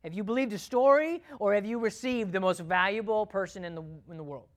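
A woman preaches a sermon with an emphatic delivery. She repeats her key lines for weight and asks the congregation questions. Her level swings from loud, driving passages down to quiet, close ones. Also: medium pitch, brisk.

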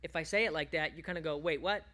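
Pastor, male, bright tense voice, emphatic preaching with hushed asides. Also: racing. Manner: swings between loud emphatic bursts and hushed, low reflective passages. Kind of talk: sermon.

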